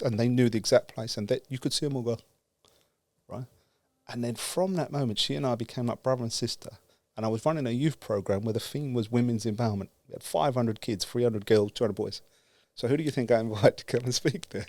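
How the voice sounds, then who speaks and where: A man from the UK telling a story with lively energy, acting out the dialogue and laughing as he goes. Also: mid-range voice, brisk, no echo. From United Kingdom. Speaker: guest speaker. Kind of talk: animated storytelling.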